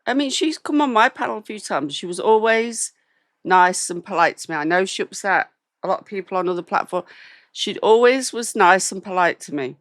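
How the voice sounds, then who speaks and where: A British woman hosting a live stream, talking in a measured, diplomatic way and answering chat. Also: mid-range voice, animated, no room sound, studio quality. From Britain. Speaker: host.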